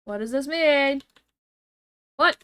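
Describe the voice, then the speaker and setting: A woman streamer giving casual gameplay commentary, excitable and often confused. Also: high-pitched, takes it slowly. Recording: noisy stream audio.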